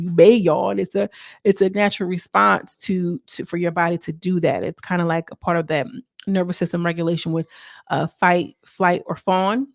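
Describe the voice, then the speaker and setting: A woman's voice: fairly low pitch, vocal fry, no echo, studio quality. A woman recapping a reality show in casual chat, acting out quotes with slang. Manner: chatty, acts out quotes with slang.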